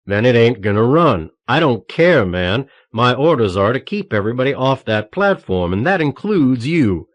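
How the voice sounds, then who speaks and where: A man voicing a huge, gruff male security guard who talks loudly and confrontationally in an audiobook. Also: fairly low pitch, moderate pace, lightly acted. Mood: stubborn. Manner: loud and confrontational.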